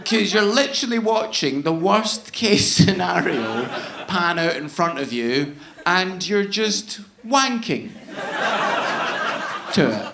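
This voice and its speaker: A Scottish man doing stand-up comedy, telling self-deprecating stories with animated delivery. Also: sits high, slow, creaky, a crowd in the background. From Scotland.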